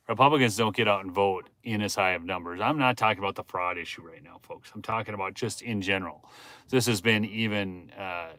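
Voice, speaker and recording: A man hosting a rambling political livestream. He talks straight to his viewers and asks the chat questions, swinging from low muttering to loud exclamations. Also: no room sound. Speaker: livestream host.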